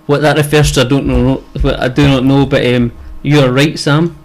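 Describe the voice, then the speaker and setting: A man's voice: medium pitch, little pitch movement, normal speed. A man co-hosting a casual podcast, chatty, swearing and laughing as he goes. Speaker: podcast co-host. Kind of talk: casual chat.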